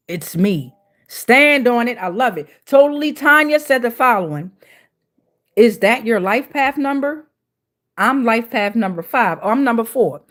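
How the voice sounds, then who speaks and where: A woman's voice: on the high side, lively intonation, measured pace, fairly bright tone. A woman hosting a tarot livestream, reading out viewer comments in a slangy, playful, chatty way and greeting people by name.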